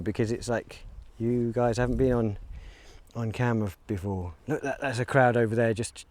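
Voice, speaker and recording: Chatty man with a mellow voice. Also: medium pitch, steady tone, normal speed. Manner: chatty, talks playfully to the cows around him. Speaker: vlogger. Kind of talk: casual walking vlog. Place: outdoor field beside a stone circle. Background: faint outdoor ambience with cows.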